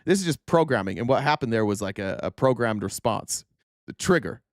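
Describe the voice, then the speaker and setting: A man's voice: mid-range voice, expressive, a little fast, no room sound, studio quality. A man hosting casual political commentary, sarcastic and profane, often mocking his opponents in mock voices.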